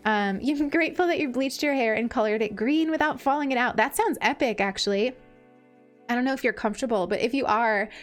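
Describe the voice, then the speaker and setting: A woman's voice: fairly high pitch, normal speed. A woman live-streaming from home, chatting casually and gushing as she reads out and thanks her viewers, with many fillers. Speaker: streamer reading chat. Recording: faint background music.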